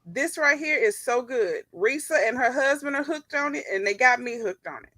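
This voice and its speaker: A Southern woman in a casual chat, insistent and quick to correct others. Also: sits high, expressive, pushed and bright, no room sound, studio quality. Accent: Southern American. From American South.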